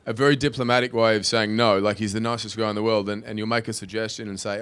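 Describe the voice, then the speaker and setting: A man's voice: fairly low pitch, fairly even intonation, quick pace, clear, resonant tone. A man, an actor on a film panel, answering audience questions in a rambling, self-interrupting, amused way. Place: stage panel before an audience.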